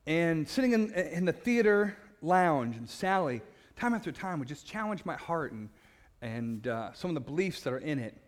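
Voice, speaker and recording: Passionate, loud man with a high voice, sharing a personal testimony with a laugh at himself. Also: moderate pace. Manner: animated storyteller, laughs at himself, stumbling repeats; passionate and loud by his own account. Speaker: speaker sharing his faith testimony.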